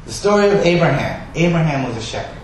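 A man preaching a sermon, stressing key words loudly and then dropping to a soft, quiet delivery. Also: fairly high pitch, sing-song, quick pace, a little hiss or hum. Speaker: pastor. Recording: echoey room, voice from a distance.

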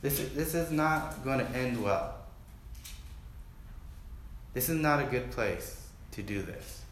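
In an echoey church hall, a male pastor delivers a jokey, conversational sermon and prompts the congregation to respond. His mid-range voice is fairly bright, with lively intonation and a slow pace, over a little hiss or hum.

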